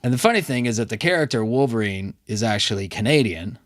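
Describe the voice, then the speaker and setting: A man hosting a podcast in a recording studio, chatty and lively as he talks with his guest. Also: medium pitch, fast talker. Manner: chatty, animated, laughs easily. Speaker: podcast host. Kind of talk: casual interview chat.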